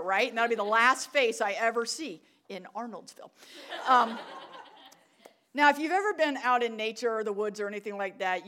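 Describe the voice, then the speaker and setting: A woman's voice: a little high, fairly bright tone. A young woman, a church ministry director telling a funny, self-mocking story in a sermon.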